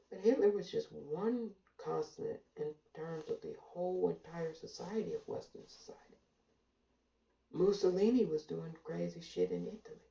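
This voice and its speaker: A woman's voice: on the low side, gravelly, warm tone. A woman giving an emphatic, repetitive commentary monologue, drawing out her stressed words. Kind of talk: casual monologue to camera. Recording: echoey room from far off.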